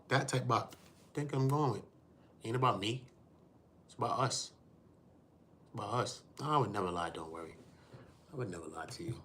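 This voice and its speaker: A man's voice: mid-range voice, a bit bright, a little hiss or hum. A man hosting a casual livestream, talking in heavy street slang, cursing, preaching and addressing his chat directly. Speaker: livestream host.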